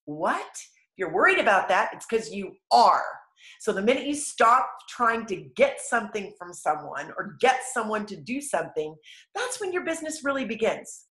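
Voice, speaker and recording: A woman giving an energetic, enthusiastic motivational training talk to a sales team, telling stories with animated emphasis. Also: mid-range voice, normal speed, echoey room. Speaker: network marketing trainer.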